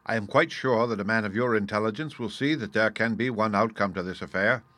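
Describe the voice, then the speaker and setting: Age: older. Figure: soft, precise villain voiced by a man. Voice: low, forceful, dry. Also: fairly quick, dry recording. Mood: menacing. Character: cold, soft-spoken older male criminal mastermind. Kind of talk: audiobook reading.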